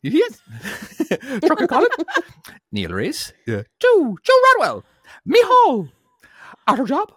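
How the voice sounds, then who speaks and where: A man doing a high falsetto cartoon mouse voice on a podcast, reading out names with a giggly manner. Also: huge pitch swings, slow pace, fairly bright tone, husky, dry recording, clean studio sound, exaggerated voice. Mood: gleeful. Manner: giggly falsetto, breaks into laughs. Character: high squeaky cheerful cartoon mouse, male. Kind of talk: podcast impression.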